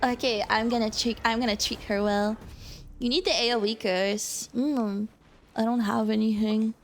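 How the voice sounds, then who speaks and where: Giggly high-voiced woman streaming a game. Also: fairly even intonation, moderate pace, slight background noise. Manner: giggly, chatty, talks to chat. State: hiccuping. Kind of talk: casual gameplay commentary.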